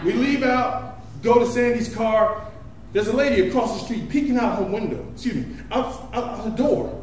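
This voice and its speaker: A man performing stand-up comedy, telling a story in an animated, profane way and laughing often. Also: very high voice, moderate pace. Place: live venue stage. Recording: echoey room from far off, noisy.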